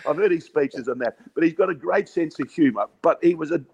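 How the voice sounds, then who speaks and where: A man's voice: fairly high pitch, brisk, creaky, a little mellow, husky, lo-fi sound. Laughing Australian man spinning yarns. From Western Australia. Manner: yarning storyteller, laughs often, says "mate". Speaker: guest, former cricket captain. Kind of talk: casual chat.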